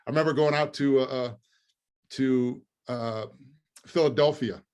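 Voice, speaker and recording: 50s guy telling stories on a podcast, laughs a lot, lots of uhs, normal pitch. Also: measured pace, smooth. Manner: lively storyteller, laughs through punchlines, many fillers. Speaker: guest, former pro football lineman. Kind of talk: storytelling interview.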